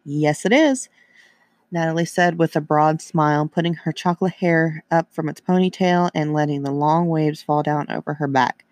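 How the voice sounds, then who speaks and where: A man narrating a story in a steady, even reading voice. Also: fairly high pitch, normal speed, hardly any pauses, dry recording.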